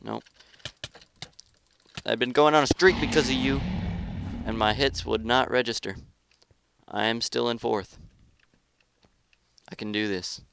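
A man giving live gameplay commentary as a gaming YouTuber, excitable, trash-talking opponents and grumbling about lag. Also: medium pitch, measured pace, creaky, pauses often, slight background noise.

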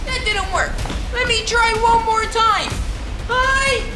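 A woman voicing an excitable young schoolboy who reviews toys, shouting, giggling and yelling karate cries. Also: very high voice, slow pace. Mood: excited. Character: hyper young schoolboy toy reviewer with brothers. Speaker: toy reviewer. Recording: roomy echo with music behind.

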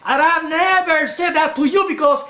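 Excitable husband, stammers and sputters, recorded in an echoey room. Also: male voice, high-pitched, moderate pace. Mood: furious. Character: excitable Cuban husband caught lying.

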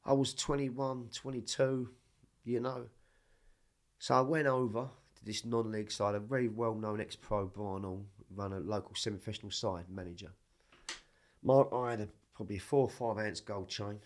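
A man telling rough, animated stories in a casual podcast chat, swearing constantly. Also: lowish voice, moderate pace. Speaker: podcast guest.

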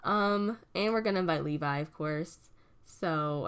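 A woman's voice: deep voice, measured pace, clear, resonant tone. A young woman casually commenting on a video game as she plays, chatty and giggly, often laughing at what happens on screen. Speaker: gaming video host. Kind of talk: casual let's-play commentary.

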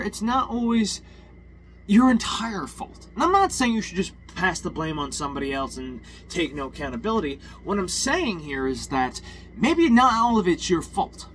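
A man's voice: high voice, fairly bright tone, slight background noise. A man ranting in a heated, rambling personal monologue, swearing often and restarting his sentences.

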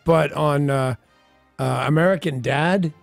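A man's voice: fairly high pitch, measured pace, vocal fry, dry recording, faint music behind. A man co-hosting morning radio, joking and giving blunt opinions. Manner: wisecracking, opinionated. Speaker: radio co-host. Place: radio studio. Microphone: studio mic.

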